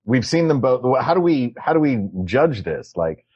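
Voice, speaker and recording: A man co-hosting a comedy podcast from his home, arguing his points in a playful, deadpan way. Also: mid-range voice, normal speed, husky, no room sound, dull audio. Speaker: podcast co-host. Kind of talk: casual chat. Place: his home, recording remotely.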